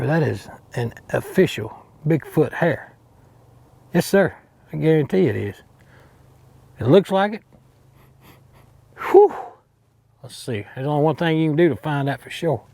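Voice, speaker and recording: An actor playing a bumbling, boastful redneck Bigfoot hunter with an Alabama Southern drawl, rambling and cocky in a mock outdoor show. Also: male voice, on the high side, expressive, measured pace, gravelly, pauses often, darkish tone, husky, heavily acted. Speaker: hunting show host character.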